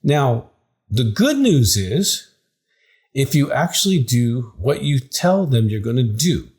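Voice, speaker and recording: A middle-aged psychologist and counseling director offers advice straight to the camera. His mid-range voice moves at a slow pace with a breathy edge, and he tells stories in an emphatic, animated way, acting out the dialogue.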